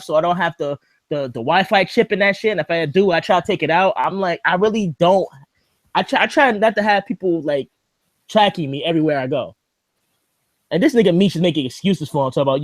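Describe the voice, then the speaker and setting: A man's voice: high-pitched, brisk, no echo, clean studio sound. A man hosting a podcast in casual chat, ranting animatedly and swearing freely, describing himself as skeptical and paranoid. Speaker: podcast host.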